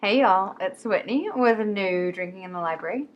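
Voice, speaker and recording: A woman talking casually and excitedly about books, quick and swearing freely. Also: medium pitch, lo-fi sound. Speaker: book vlogger. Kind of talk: casual chat.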